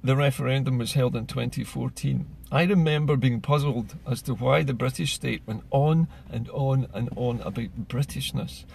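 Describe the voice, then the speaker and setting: A man's voice: medium pitch, moderate pace, gravelly, few pauses, a little mellow, slight background noise. A man, speaking in an earnest, persuasive political monologue full of rhetorical questions. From Scotland. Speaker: political commentator.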